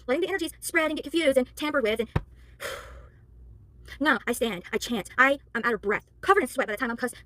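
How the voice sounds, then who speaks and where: A tired, worn-down woman working as a spiritual worker and tarot reader rants at the camera in frustration, apologizing for the yelling. She has a high voice, recorded with no room sound.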